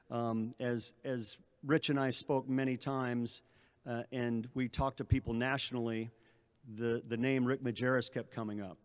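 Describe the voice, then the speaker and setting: Middle-aged man, athletic director at a podium, rambling thanks, mid-pitched voice. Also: smooth. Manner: rambling thank-yous with many restarts. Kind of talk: press conference speech.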